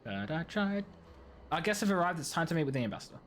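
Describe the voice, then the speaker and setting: A woman streaming a game, chatting in an animated, rambling way with lots of tangents and giggling. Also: sits low, quick pace, a little hiss or hum. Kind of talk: gaming stream commentary.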